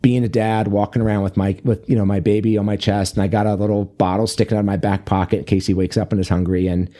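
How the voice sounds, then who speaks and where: Mellow low-voiced man chatting loosely. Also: quick pace. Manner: relaxed, rambling, many fillers and restarts. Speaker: fatherhood coach and author, guest. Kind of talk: casual interview conversation.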